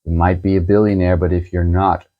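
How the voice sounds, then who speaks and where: Man, low voice, slow and easygoing, casual book review, slightly dull sound. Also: level tone. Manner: unhurried, chuckling, thinking aloud. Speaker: book channel host.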